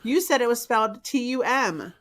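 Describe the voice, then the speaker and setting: Woman, livestream co-host, casual chat, insistent, argumentative, animated voice. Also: on the high side, normal speed. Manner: insistent, argumentative, spells words out. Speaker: co-host of a live reselling stream.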